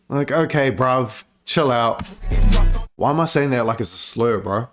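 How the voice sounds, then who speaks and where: A man's voice: mid-range voice, normal speed. A man giving casual, profane reaction commentary on music, chatty and laid-back with lots of filler words.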